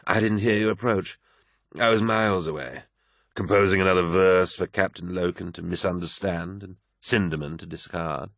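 A man's voice: low-pitched, steady tone, normal speed, vocal fry, a bit bright, dry recording, studio quality, exaggerated voice. A man voicing a sardonic, gloomy male poet who argues with sarcasm. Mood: wry. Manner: sarcastic, argumentative.

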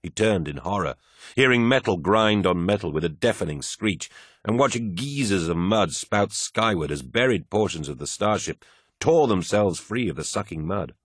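A man narrating a dramatic action story with steady storytelling. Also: sits low, moderate pace, breathy edge, no echo, clean studio sound. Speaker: audiobook narrator. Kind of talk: scripted narration.

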